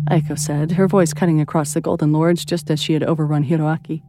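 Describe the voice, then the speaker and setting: Lower-voiced woman narrating a story over music. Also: level tone, fast, hardly any pauses. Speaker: audiobook narrator. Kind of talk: scripted narration. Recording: soft music bed under reading.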